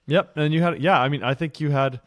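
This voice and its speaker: A man's voice: fairly high pitch, fairly quick. A man co-hosting a podcast in casual chat, upbeat and chatty, laughing easily. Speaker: podcast co-host.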